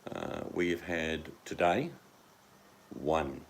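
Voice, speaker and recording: Australian bloke, very low gravelly voice, slangy and joking, faint background noise. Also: male voice, slow pace. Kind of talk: casual rambling monologue.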